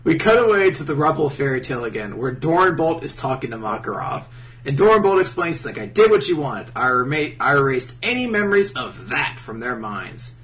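A man's voice: on the high side, fairly quick, far from the mic. A man casually recapping an episode on a podcast, swearing a lot and mocking the characters' lines. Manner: profane, animated, mocking character voices. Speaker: podcast co-host. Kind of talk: casual chat recapping an anime.

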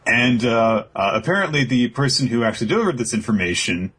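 A man's voice: medium pitch, animated, fairly quick, fairly bright tone, husky. A man recapping a story in casual, rambling talk, swearing and acting out the lines of each figure. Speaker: podcast host.

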